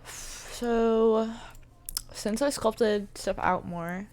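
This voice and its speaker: A woman's voice: on the high side, extremely slow, a little mellow. A woman giving a casual screen-recorded tutorial, chatty and thinking aloud with many fillers, with the hiccups. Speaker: 3D modeling tutor.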